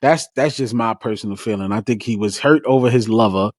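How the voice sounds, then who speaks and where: A man co-hosting a casual book club discussion, relaxed, retelling scenes with quoted lines and casual slang. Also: lowish voice, fairly quick, dry recording, clean studio sound.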